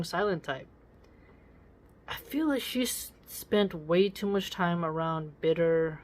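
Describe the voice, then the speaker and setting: A woman's voice: on the low side, darkish tone. A woman giving casual spoken commentary on a book. She talks to listeners directly in a preachy, emphatic way and repeats words for stress.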